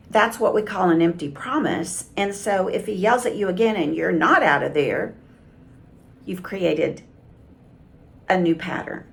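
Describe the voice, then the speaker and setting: A woman communication coach giving calm, measured advice straight to camera. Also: fairly low pitch, vocal fry. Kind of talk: direct-to-camera coaching talk.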